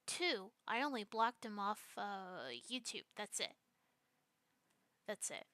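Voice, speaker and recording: A woman's voice: medium pitch, lively intonation, takes it slowly, bright, forceful tone, no echo. A young woman hosting a stream, reading messages aloud and answering them in an aggrieved, sarcastic way. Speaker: streamer host.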